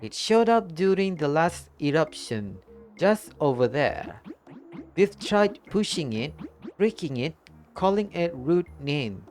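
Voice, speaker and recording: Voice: mid-range voice, sing-song, very slow, hardly any pauses, faint music behind, pitched above the performer's own voice. A streamer reading game dialogue aloud in character, voicing a welcoming, formal lodge keeper with a put-on accent. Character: cheery lodge keeper hosting a guest by a volcano.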